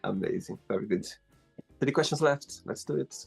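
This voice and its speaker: A man's voice: medium pitch, animated, moderate pace, creaky, slightly rough, soft background music. A man hosting a casual interview, asking questions playfully and teasing his guest. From London, England. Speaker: host.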